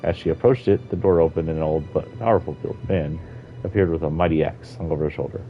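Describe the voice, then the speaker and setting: A man's voice: rumbling low, fast. A man streaming a game, reading an in-game book aloud casually, with slips and self-corrections. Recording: dull lo-fi stream audio with faint music.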